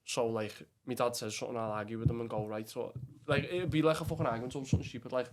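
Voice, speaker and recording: Rambling Scouse lad, flat monotone. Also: male voice, mid-range voice, rapid-fire. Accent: Liverpool Scouse. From England. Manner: rambling, heavy with fillers and swearing, says "lad" often. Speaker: podcast guest. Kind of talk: casual chat.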